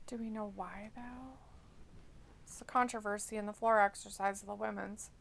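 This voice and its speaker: A woman hosting a casual live watch-along stream, chatty and quick to react out loud, often asking questions. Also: mid-range voice, fairly even intonation, gravelly. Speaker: stream host.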